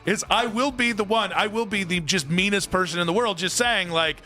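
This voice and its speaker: A man hosting sports radio, ranting loudly and joking with his co-host. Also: sits high, fairly quick, soft background music. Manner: loud, animated ranting with comic bits.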